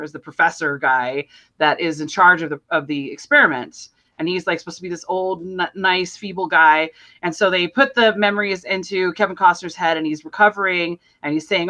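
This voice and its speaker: Bright-voiced woman retelling a film. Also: fairly low pitch. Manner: animated, rambling retelling with voiced quotes. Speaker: podcast co-host. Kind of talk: casual film discussion.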